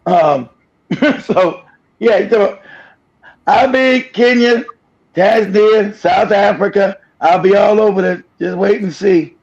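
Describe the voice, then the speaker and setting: A man's voice: sits high, takes it slowly, darkish tone. A man hosting a streamed reaction show, speaking bluntly and profanely and laughing often. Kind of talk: reaction commentary. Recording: dull lo-fi stream audio.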